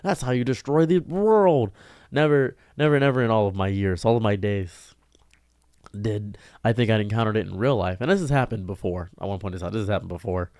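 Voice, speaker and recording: A man telling a diary-style story to camera in an exasperated, ranting way, his voice jumping up sharply in pitch. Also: fast talker, a little mellow, dry recording, clean studio sound. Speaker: streamer and video diarist.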